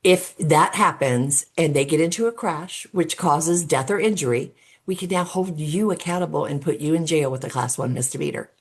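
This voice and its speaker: This guest is a road safety advocate, a middle-aged woman whose low voice has a slight roughness and moves at normal speed. Chatting in a podcast interview, she earnestly sets out her reasoning in steps, as if presenting a case, often saying "um."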